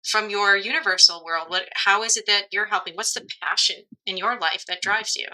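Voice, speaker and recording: A woman hosts a casual podcast conversation in a mid-pitched, very bright voice. She muses thoughtfully and breaks into small laughs mid-sentence. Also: fairly quick, poor audio. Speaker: podcast host.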